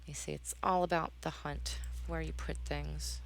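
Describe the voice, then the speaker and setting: Tutorial narrator: woman, low and gravelly, chatty, mutters to herself as she clicks around. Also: flat delivery, unhurried, slight background noise. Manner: chatty, mutters to herself while hunting through menus; talks to the software affectionately. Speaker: instructor. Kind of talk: software tutorial screencast.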